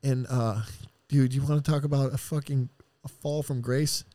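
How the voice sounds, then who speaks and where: Sighing and restarting haltingly, a middle-aged podcast guest tells a painful personal story in a raw, profane, heartfelt way. His voice is mid-range and dark with fairly even intonation, recorded without echo.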